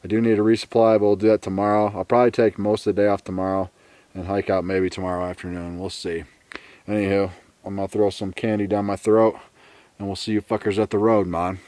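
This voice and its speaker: A man talking casually to his camera while out on a long hike, swearing freely and rambling in a relaxed way. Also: lowish voice, quick pace, no room sound. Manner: profane, laid-back, rambling. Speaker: thru-hiker vlogger. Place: outdoors on a trail, later a hotel room.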